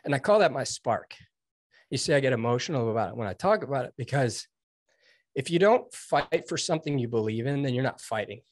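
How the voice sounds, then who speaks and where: A man's voice: mid-range voice, animated, fairly quick, no echo, clean studio sound. A man in his thirties telling a personal story in an interview, earnest and emphatic. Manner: earnest, emphatic, quotes himself and others. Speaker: guest, Navy veteran.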